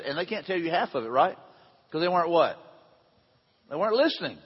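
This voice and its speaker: Preaching a conversational sermon to an audience in a large hall, a middle-aged male pastor asks the room questions. His voice sits high and carries a breathy edge, and he talks fast, captured in dull lo-fi sound that echoes through the hall.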